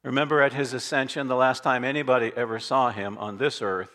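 A man preaching a sermon as pastor, reading scripture aloud and swinging between loud declarations and quiet asides. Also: mid-range voice, fairly even intonation, brisk. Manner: reads scripture aloud with emphasis.

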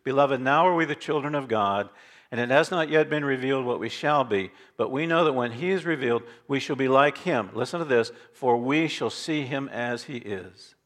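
A man preaching a sermon as pastor, reading scripture aloud and swinging between loud declarations and quiet asides. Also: mid-range voice, normal speed. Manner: reads scripture aloud with emphasis.

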